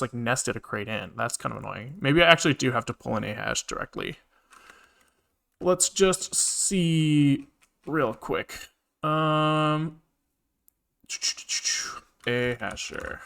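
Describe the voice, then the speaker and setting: Medium in pitch, his voice is sharp with a touch of vocal fry. While live-streaming his coding, he mumbles his thoughts aloud and swears casually, keyboard clicks and typing audible behind him.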